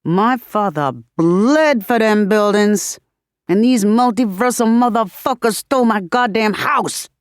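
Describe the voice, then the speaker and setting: A woman's voice: sits low, big pitch swings, moderate pace, few pauses, dark tone, husky, no room sound, clean studio sound, heavily acted. Female narrator plays a furious ex-rapper politician woman, snarling, audiobook reading. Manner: snarling, heated. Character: furious woman borough avatar, former rapper turned politician.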